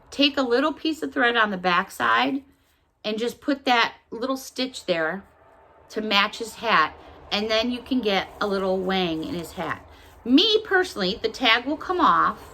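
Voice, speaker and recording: A woman's voice: on the high side, pushed and bright. A woman from the Chicago area chatting casually through a shopping haul vlog, gushing and playful, close to the camera. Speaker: haul vlogger.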